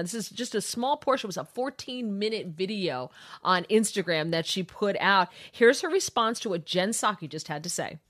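A woman's voice: mid-range voice, fairly bright tone. A woman hosting a talk radio show, giving sarcastic, opinionated political commentary.

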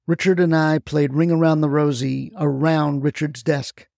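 A man's voice: fairly high pitch, fairly even intonation, moderate pace, creaky, darkish tone, no echo, studio quality. A man narrating a first-person story in a scripted, wry storytelling manner.

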